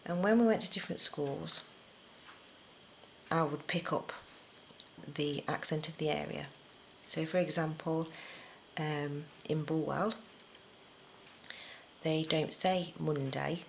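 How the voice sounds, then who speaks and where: A woman's voice: sits low, steady tone, slow, vocal fry, pauses often, slight background noise. A middle-aged woman from England, rambling chattily and laughing at herself while teaching crochet. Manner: chatty, rambling, self-deprecating. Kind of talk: casual spoken tutorial. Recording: slightly dull lo-fi recording.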